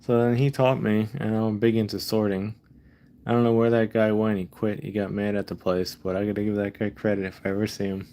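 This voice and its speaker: A low-voiced man venting in a rambling, casual vlog monologue. He curses often and repeats himself, worn out and fed up. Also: flat delivery, a little fast, dark tone. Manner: frustrated, profane, rambling. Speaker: vlogger.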